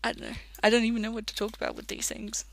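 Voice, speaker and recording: An Australian let's play commentator rambling casually while gaming, chatty and quick to laugh. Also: medium pitch, sing-song, gravelly.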